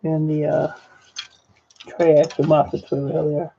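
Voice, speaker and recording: Offhand high-voiced man sorting scrap. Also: monotone, normal speed, vocal fry, mellow. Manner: rambling, offhand, blunt. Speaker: e-waste scrapper vlogger. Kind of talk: casual narration while sorting circuit boards. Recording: lo-fi dull audio with faint noise.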